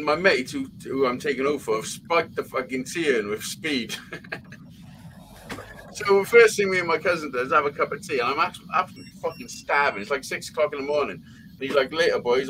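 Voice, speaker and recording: In a live show's casual chat, a man spins long, rambling anecdotes, swearing constantly. His medium-pitched voice has a sharp tone, and the rough recording carries a little hiss or hum.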